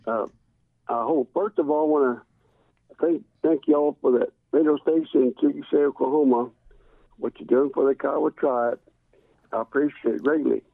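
A man calling in from his car to give a prayer, speaking haltingly and repeating words as he restarts. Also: mid-range voice, no echo. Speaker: caller giving an opening prayer. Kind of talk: spoken prayer over the phone. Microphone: phone call. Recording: tinny dry phone line.

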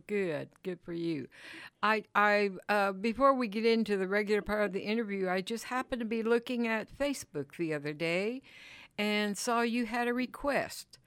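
Smooth-voiced female radio co-host. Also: medium pitch, dry recording. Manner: friendly, chatty questioning. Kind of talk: radio interview. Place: radio studio.

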